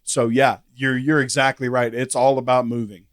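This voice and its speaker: A man hosts a podcast in a relaxed, conversational way. He often adds short sounds of agreement while his guest talks. The recording is dry and close, with no room echo. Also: medium pitch, moderate pace. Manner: relaxed, frequent affirming murmurs. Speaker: podcast host.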